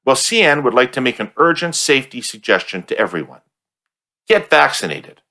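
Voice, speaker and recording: A man's voice: mid-range voice, sing-song, brisk, sharp tone. A Canadian man hosting a political podcast, bantering bluntly with his guest and reading a sponsor message. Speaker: podcast host and interviewer. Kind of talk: interview hosting and sponsor read.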